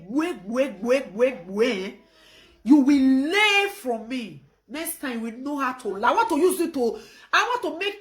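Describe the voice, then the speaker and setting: A woman speaking with a Nigerian Pidgin English accent, hosting a live stream. Her voice sits high and swings widely. She moves from loud, laughing outbursts to low, easy phone chat. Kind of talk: casual live-stream rant.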